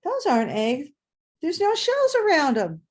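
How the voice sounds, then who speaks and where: A woman's voice: sing-song, fairly quick, darkish tone. Woman doing a squealing little girl. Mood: worried. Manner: high squealing child's voice. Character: excited little girl, wide-eyed and anxious.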